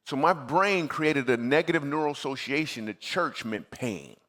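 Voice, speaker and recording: A man's voice: mid-range voice, expressive, normal speed, a bit bright. A man from Michigan, a comedian as guest speaker, telling a personal story in a comedic sermon and acting out his own replies in a conversational way. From Michigan, USA. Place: church stage before a live audience.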